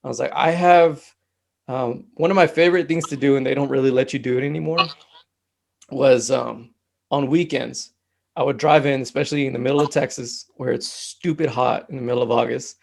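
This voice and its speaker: Easygoing man with a gravelly voice. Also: medium pitch, fairly even intonation, a little fast, darkish tone. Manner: easygoing, rambling, with many fillers. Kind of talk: casual conversation.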